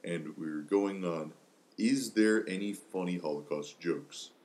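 A man's voice: deep voice, a little slow, a little mellow. A man co-hosting a podcast in casual discussion, blunt and wry. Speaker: podcast co-host.

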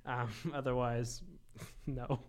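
A man's voice: medium pitch, little pitch movement, slow. A young man co-hosting a podcast, joking around in casual chat and giggling often. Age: young adult. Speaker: podcast co-host.

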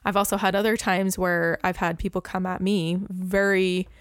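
A young woman in casual podcast chat, an animated storyteller who laughs often. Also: fairly low pitch, moderate pace, smooth, dry recording, studio quality.

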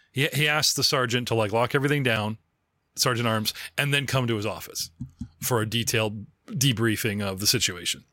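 A man's voice: mid-range voice, sharp tone, dry recording, studio quality. A man hosting and running a tabletop role-playing game as game master, chatty, laughing often and acting out side characters.

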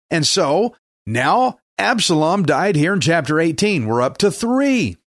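A man's voice: mid-range voice, dry recording. Earnest male radio preacher, dry close sound. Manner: earnest, emphatic, acts out biblical quotes. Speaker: pastor. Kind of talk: radio Bible teaching sermon.

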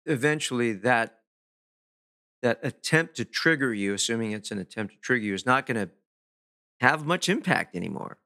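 Bright-voiced man giving a motivational talk. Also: mid-range voice, animated. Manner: emphatic and deliberate, stressing key words with pauses.

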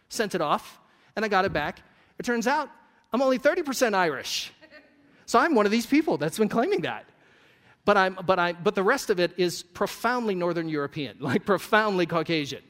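Male pastor, conversational sermon delivery with humor; high voice, long hall reverb. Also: a bit bright. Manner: conversational, joking asides to the congregation.

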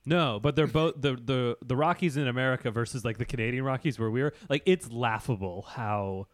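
A man chatting casually on a podcast, rambling through stories with plenty of "uh" and "like". His voice sits at an ordinary middle pitch. The sound is close and dry, with no room around it. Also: brisk, no room sound. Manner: rambling, enthusiastic storyteller with fillers. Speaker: podcast co-host. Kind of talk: casual chat.

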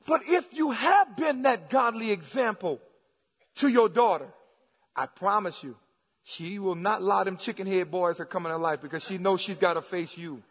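A man preaching a sermon to his congregation, calling out to the crowd and building to shouts. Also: high-pitched, lively intonation, normal speed, slightly rough, big-room sound. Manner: preaching with rising shouts and call-and-response. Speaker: pastor. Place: church sanctuary.

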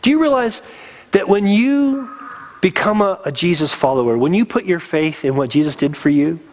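A man's voice: sits high, animated, normal speed, a little mellow. A man preaching a sermon as a pastor, earnest and conversational, getting teary.

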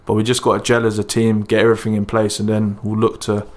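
A man's voice: lowish voice, fast talker. A man in his twenties, a football club organiser, chatting modestly and casually with lots of fillers. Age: 20s. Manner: relaxed, filler-heavy, modest. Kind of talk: casual interview chat.

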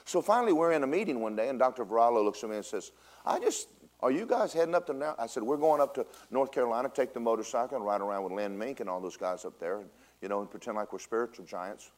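A man, a pastor preaching a storytelling sermon in church, swinging from loud bursts to a hushed voice. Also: lowish voice, fast, few pauses. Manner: animated storytelling with big swings in loudness, drops to a hush. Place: church sanctuary.

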